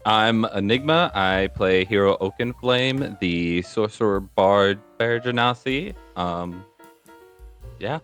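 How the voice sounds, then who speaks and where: A man introducing himself on a podcast, speaking slowly and hesitantly. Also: lowish voice, a bit bright, smooth, faint music behind. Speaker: podcast guest. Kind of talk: casual podcast chat.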